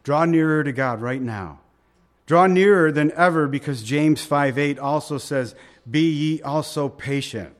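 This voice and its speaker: A man preaching a sermon with emphasis, asking rhetorical questions and slowing down to stress scripture. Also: on the high side. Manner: asks the listeners rhetorical questions. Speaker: pastor.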